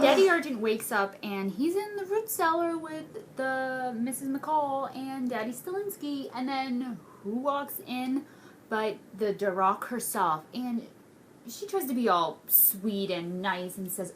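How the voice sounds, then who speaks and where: A young woman talks through a TV episode in a loose, gushing recap. She is excitable and swears freely, with a faint hiss of noise behind her. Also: high-pitched, slow. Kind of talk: casual recap vlog.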